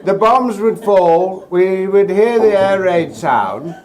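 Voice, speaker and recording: A man voicing his hoity-toity old grandmother, slow and grand in manner. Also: high-pitched, expressive, a little mellow. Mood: reminiscing. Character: haughty widowed grandmother, upper-crust, fond of gin. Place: pub stage. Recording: live bar crowd behind.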